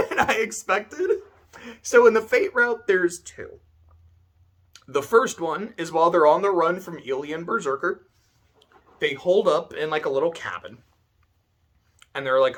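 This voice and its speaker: A man talking casually about a visual novel he played, swearing a lot and breaking into laughter as he retells scenes. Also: sits high. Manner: profane, laughing, animated storytelling. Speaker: video essay host reviewing a visual novel. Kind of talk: casual spoken review.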